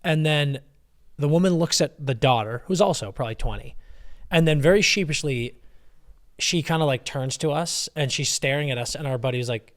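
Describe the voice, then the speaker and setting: A young man co-hosting a podcast, telling a story in an animated, casual way and swearing freely. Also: fairly high pitch, brisk. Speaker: podcast co-host. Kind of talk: casual chat.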